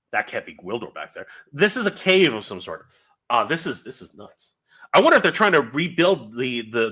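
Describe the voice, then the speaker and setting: Man, 40s, live reaction host, excitable, rambling, very animated pitch, bright. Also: husky. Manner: excited, rambling, stumbles over words. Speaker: YouTube host.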